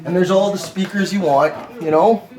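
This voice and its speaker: A man casually showing viewers around a shop, chatty and quick to laugh. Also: high-pitched, darkish tone. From Canada. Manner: chatty, laughs often, uses "check this out". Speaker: vlog host touring a shop. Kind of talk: casual walkthrough chat.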